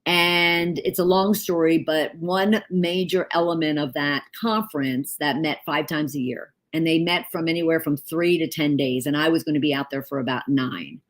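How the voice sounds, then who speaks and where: Low-voiced woman telling her story. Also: steady tone, normal speed, few pauses. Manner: candid, storytelling with frequent fillers and self-corrections. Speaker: leadership coach and author. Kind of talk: casual storytelling monologue.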